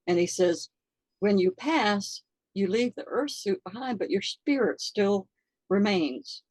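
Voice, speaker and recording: Older woman, halting earnest storytelling, fillers, near tears, mid pitch, dry sound. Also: expressive, a little mellow, dry recording, low-quality recording. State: close to tears. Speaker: interview guest. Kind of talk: personal storytelling.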